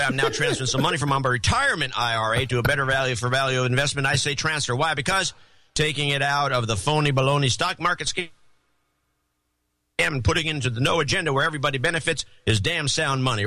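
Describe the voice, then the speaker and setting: A man's voice: fast talker, pushed and bright, dry recording. A man putting on a Southern announcer voice, playing a twangy race-day announcer reading a letter aloud. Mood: announcing. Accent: put-on American Southern. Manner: booming announcer delivery.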